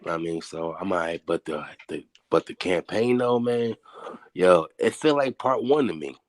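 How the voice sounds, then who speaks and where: Very deep-voiced laid-back man. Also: expressive, moderate pace, no echo. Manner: laid-back, slangy and profane. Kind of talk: casual chat.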